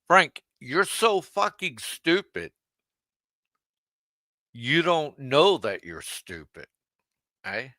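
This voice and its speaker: With no room sound, a man hosting a livestream speaks in a medium-pitched, bright, forceful voice. Aiming his jeering, foul-mouthed tirade at someone absent, he talks right to them and laughs at his own insults.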